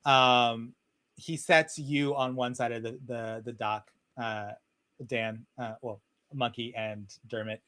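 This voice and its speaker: A man narrating as game master of a tabletop game, talking in a relaxed, rambling way with many fillers over a video call. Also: mid-range voice, slow, dry recording. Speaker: dungeon master.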